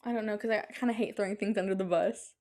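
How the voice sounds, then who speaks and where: A young adult woman hosting a podcast in casual chat, talking in an excitable, rambling way with many fillers. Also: mid-range voice, fast talker. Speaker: podcast host.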